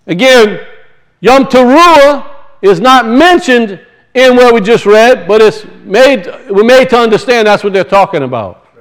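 High-voiced preacher. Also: male voice, animated, unhurried, a bit bright, low-quality recording. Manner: folksy storytelling, rising to emphatic scripture reading. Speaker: pastor. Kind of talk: sermon.

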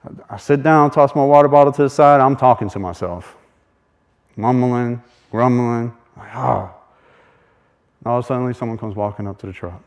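A man's voice: medium pitch, a little fast, clean tone. Man telling a faith story, chuckling. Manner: animated storyteller, acts out quoted voices. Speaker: speaker sharing a personal testimony.

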